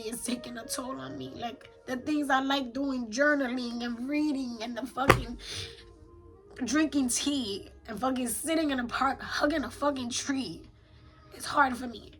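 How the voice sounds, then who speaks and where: A woman's voice: high voice, fairly even intonation, unhurried, fairly bright tone, faint music behind, rough recording. A woman, venting in a raw confessional voice journal, blunt and slangy with heavy swearing. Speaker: vlogger.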